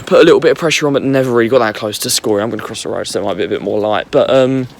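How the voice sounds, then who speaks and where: A young man with a voice going hoarse, recapping a football match in casual rambling chat while walking outside at night. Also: medium pitch, rapid-fire, slight background noise. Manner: rambling, filler-heavy fan chat. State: losing his voice. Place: walking on a street at night outdoors.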